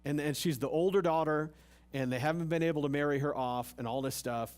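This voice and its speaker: A male pastor preaches a sermon at a church service in a fairly high voice and at a brisk pace. He keeps it conversational and humorous, joking and putting rhetorical questions to the congregation.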